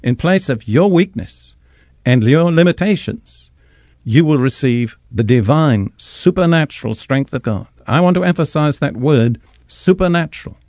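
A man preaching a radio sermon, reading scripture slowly and with measured emphasis. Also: mid-range voice, animated, a little mellow, no room sound, clean studio sound.

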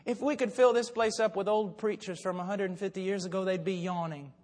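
Older male preacher, high-pitched voice, long hall reverb, storytelling sermon. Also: steady tone, brisk. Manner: swings from low, quiet storytelling to loud, shouted preaching.

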